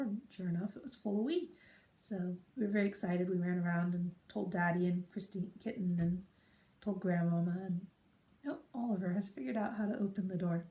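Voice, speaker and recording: A woman chats casually on her home podcast, rambling along and wandering into side remarks. Her voice is soft and mellow, set in the middle of a woman's range. It sits in a room with a noticeable echo. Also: mid-range voice. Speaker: podcast host. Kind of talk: casual chat.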